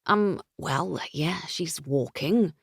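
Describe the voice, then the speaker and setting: A woman's voice: low-pitched, slow, husky, dry recording, clean studio sound, exaggerated voice. A woman reading an audiobook voices a man, a protective brother reporting things in a matter-of-fact way.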